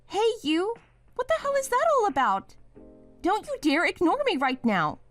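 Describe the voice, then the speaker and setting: A woman's voice: high voice, big pitch swings, moderate pace, soft background music. A woman voicing a wife named Mia in a scripted drama, pleading at first and then sharply accusing her husband. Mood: furious.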